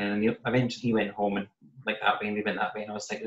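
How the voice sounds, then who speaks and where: A British man quietly telling a personal story in a casual podcast chat, often voicing what he said and thought back then. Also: on the low side, flat delivery, racing. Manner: soft-spoken, recounting with quoted asides. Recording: roomy, slightly muffled podcast audio.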